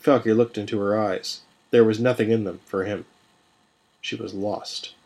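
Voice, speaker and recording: A man narrating a scripted fantasy story in a measured, even reading. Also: fairly low pitch, vocal fry. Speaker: podcast storyteller.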